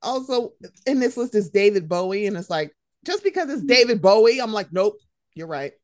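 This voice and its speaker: A young woman hosting a casual pop-culture chat, animated and slangy, swearing freely. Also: on the high side, brisk, no echo, studio quality. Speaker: podcast host.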